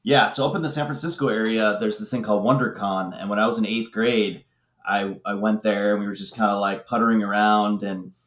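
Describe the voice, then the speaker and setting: A man from Northern California with a somewhat low voice tells a laid-back story on a podcast. A roomy echo hangs around his voice. He talks in an easygoing way. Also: steady tone, brisk, a bit bright. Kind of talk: casual podcast chat.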